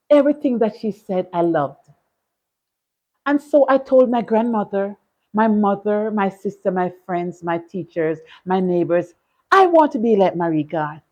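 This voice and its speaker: A Jamaican woman in her sixties giving an inspirational speech, slow and deliberate, building to forceful declarations. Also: mid-range voice, highs cut off. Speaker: motivational speaker.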